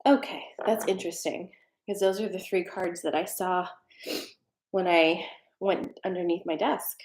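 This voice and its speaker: A woman's voice: on the low side, steady tone, measured pace, a little mellow, echoey room. A woman hosting a live-stream tarot card reading, chatty and rambling with fillers, a little out of breath. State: slightly out of breath. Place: home desk with a treadmill.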